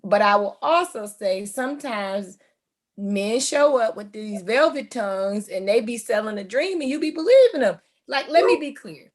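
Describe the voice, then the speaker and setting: Woman, podcast co-host, fairly high voice, emphatic, teasing. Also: lively intonation, normal speed. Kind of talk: casual chat.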